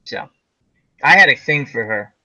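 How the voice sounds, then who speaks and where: A man's voice: mid-range voice, measured pace, rough recording. A man co-hosting a casual chat show, rambling through stories about movies. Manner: rambling, animated storyteller. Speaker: co-host.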